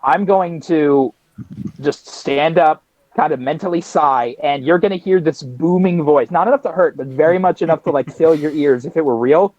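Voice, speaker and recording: High-voiced man playing a tabletop game. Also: normal speed, a little mellow, no echo, muffled recording. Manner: talkative, slips into in-character speech. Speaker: player. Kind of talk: casual tabletop role-play.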